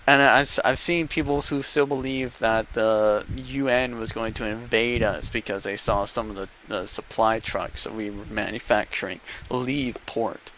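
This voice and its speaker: A man vents his frustration straight into the camera in an unedited, profane political rant. His voice is bright and forceful, and he drives each point home by repeating it. A faint hiss sits under the recording. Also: fairly low pitch, fairly even intonation, unhurried, few pauses, poor audio. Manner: heated, profane, repeats for emphasis. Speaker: vlogger.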